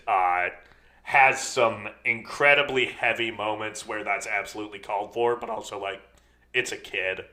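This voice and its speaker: A man co-hosts a film podcast in relaxed conversation. His voice sits low but comes across bright and forceful. He reasons aloud with hedges and frequent filler words. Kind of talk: casual podcast chat.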